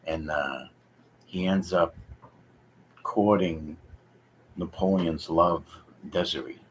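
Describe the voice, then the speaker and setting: A deep-voiced man talking loosely on a home live stream, stopping often to search for words and second-guess himself. A faint hum sits behind his voice. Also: slow, rough recording. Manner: rambling, hesitant, thinking aloud with many fillers. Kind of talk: casual live-stream chat. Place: home basement.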